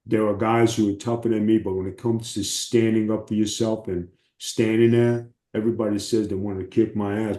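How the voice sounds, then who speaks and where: A man, a former wrestler, telling profane, animated stories as an interview guest. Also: on the low side, roomy sound. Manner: animated, profane storytelling with acted quotes. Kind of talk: casual storytelling.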